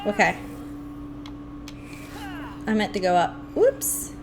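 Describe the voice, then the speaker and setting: A young woman streaming a video game live, talking to herself and her chat in an animated, playfully grumbling way. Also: medium pitch, takes it slowly, background noise. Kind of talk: live gameplay commentary.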